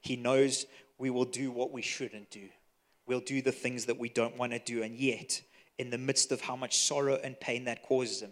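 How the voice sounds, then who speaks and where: A pastor with a Zimbabwean accent preaches a sermon in a mid-range voice, with little pitch movement and a moderate pace. He tells stories earnestly, sometimes dropping to a soft hush for emphasis.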